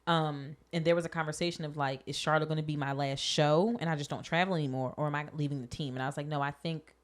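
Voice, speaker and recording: A young adult woman co-hosting a podcast, chatting casually and telling stories with animated quoted voices. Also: deep voice, quick pace. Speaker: podcast co-host. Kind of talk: casual chat.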